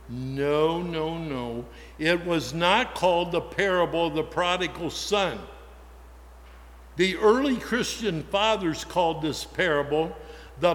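In a church full of long reverb, a pastor with a high, fairly bright voice preaches conversationally. He keeps turning to the congregation with questions.

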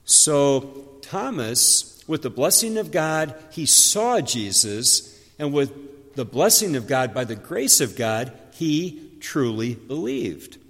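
A man's voice: mid-range voice, very animated, takes it slowly, fairly bright tone, long reverb tail. A man preaching a sermon as a pastor, earnestly explaining scripture and asking his listeners rhetorical questions.

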